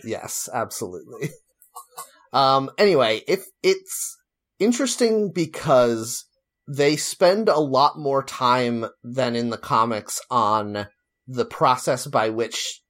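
A man's voice: mid-range voice, animated, takes it slowly, a bit bright. A man co-hosting a casual chat, rambling and opinionated, with lots of fillers. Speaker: podcast co-host.

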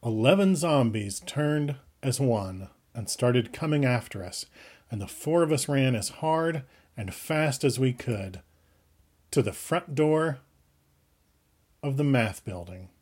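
A man reading first-person fiction aloud with brisk, urgent delivery that speeds up and slows down. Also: mid-range voice, animated, a little mellow. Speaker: audiobook reader.

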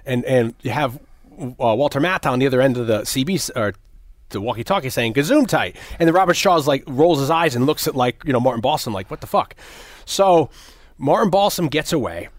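Animated and talking a little fast at medium pitch, a man chatting casually walks through a film one scene at a time, performing what the characters say. He curses liberally and often starts sentences over. There's no echo.

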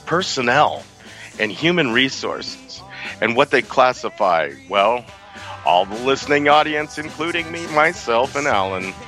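A man's voice: fairly low pitch, bright, forceful tone. A man hosting a talk radio show, chatting casually and sarcastically, often laughing as he rambles through his opinions. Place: radio studio. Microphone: close studio mic.

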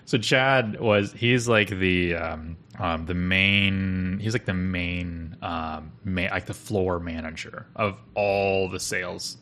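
Low-voiced young man telling a rambling story. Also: fairly even intonation, slow pace, hardly any pauses, a bit bright, a little hiss or hum. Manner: rambling, filler-heavy with frequent "like" and restarts. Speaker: podcast co-host. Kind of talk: casual storytelling chat.

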